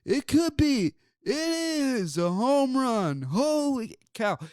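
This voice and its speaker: A man doing an impression of a boisterous older baseball announcer calling a home run in a drawn-out, exaggerated way. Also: very high voice, very animated, darkish tone, clear, resonant tone, no echo, studio quality, voice pushed up, full character voice. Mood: excited.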